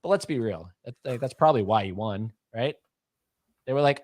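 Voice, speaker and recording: A man's voice: mid-range voice, expressive, brisk, darkish tone, no room sound, clean studio sound. A man in his thirties co-hosting a casual livestream, reading chat comments aloud and teasing with a rambling, joking manner. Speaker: podcast co-host.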